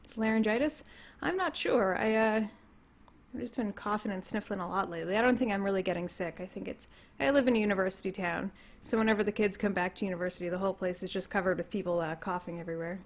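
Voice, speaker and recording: Speaking fast at a medium pitch, a young Canadian-accented woman runs a relaxed home livestream through her computer mic, slightly hoarse after losing her voice. She wanders from topic to topic, reads out chat comments, and laughs often.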